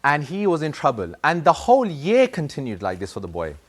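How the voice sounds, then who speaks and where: A man's voice: fairly high pitch, wildly swooping pitch, brisk. A man telling a moral story to children, acting out the voices of a strict teacher and a pupil. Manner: acts out voices of the teacher and boy. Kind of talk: animated storytelling.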